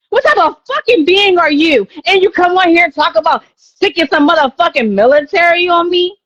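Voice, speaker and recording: A woman's voice: very high-pitched, expressive, fairly quick, hardly any pauses, fairly bright tone, dry recording, muffled recording. A woman live-streaming a heated rant, confrontational and profane, hammering her points by repeating them.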